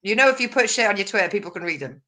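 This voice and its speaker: A woman's voice: medium pitch, expressive, rapid-fire, bright, forceful tone. A woman co-hosting a casual chat show over a video call, enthusiastic and teasing.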